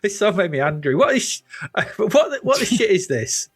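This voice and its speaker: A man's voice: high-pitched, big pitch swings, normal speed, slightly rough, no room sound, clean studio sound. A man co-hosting a casual podcast, laughing often and cracking crude, mock-angry jokes. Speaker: podcast co-host. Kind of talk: casual chat.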